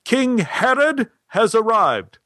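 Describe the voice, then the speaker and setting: Shouty, bossy theater director, pitched well up; a male storyteller does the voice. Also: very animated, slow pace, dry recording, studio quality, exaggerated voice. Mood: calling out.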